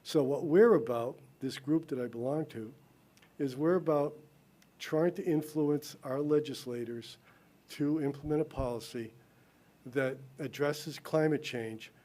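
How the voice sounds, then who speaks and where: A man with a slight lisp speaks at a town council podium in a soft, mellow tone. His delivery is earnest and explanatory, and he often restarts his phrases. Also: on the high side, unhurried. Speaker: resident giving public comment. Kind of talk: public comment at a town council meeting. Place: town council meeting room.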